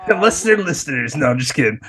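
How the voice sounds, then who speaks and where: A man's voice: fairly high pitch, sing-song, fast, pushed and bright. A man hosting a podcast who talks in an enthusiastic, casual way and swears freely. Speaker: podcast host.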